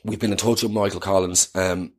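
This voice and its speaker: An Irish man voicing a soft-spoken male HR manager delivering bad news with hesitant corporate politeness. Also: deep voice, fairly even intonation, a little fast, pitched below the performer's own voice. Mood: placating. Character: low-voiced male office HR manager, smoothly apologetic.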